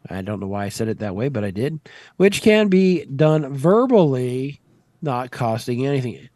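A man's voice: mid-range voice, sing-song, moderate pace, mellow, no echo. A man hosting a radio show, reading news stories with wry, irreverent asides and casual swearing. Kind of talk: casual news read with banter.

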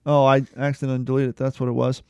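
A man's voice: medium pitch, monotone, very fast, a little mellow, smooth, no echo, dull audio. A man co-hosting a casual podcast, rambling, joking and swearing, who reads a news story aloud. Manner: rambling, irreverent, swears freely. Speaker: podcast co-host.

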